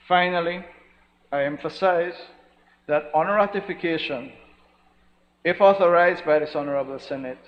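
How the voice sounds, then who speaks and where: Belizean man, senator-style formal speech, slightly high voice, faint hiss in the lo-fi chamber sound. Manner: measured, emphatic, repeats formal address. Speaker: senator presenting a resolution. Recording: lo-fi recording with long hall reverb and faint noise.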